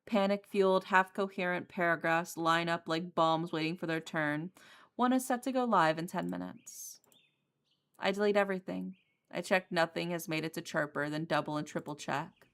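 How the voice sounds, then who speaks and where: Low, gravelly woman streamer. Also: moderate pace, a bit bright. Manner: blunt and profane, laughs often. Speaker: streamer playing a visual novel. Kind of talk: reading game narration and casual chat.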